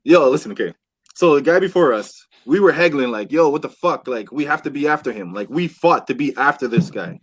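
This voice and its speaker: A man telling a wild story on a casual podcast with friends, animated and swearing, acting out what people said. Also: a little high, a little fast, breathy edge. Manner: animated, swears a lot, acts out quotes. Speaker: podcast host. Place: indoor podcast room with friends.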